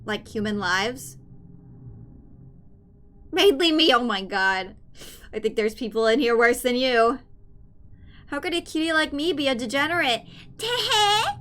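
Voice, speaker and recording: Excitable young woman game streamer. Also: fairly high pitch, unhurried, long pauses. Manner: excitable, teasing, chatting with viewers. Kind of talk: live game-stream commentary.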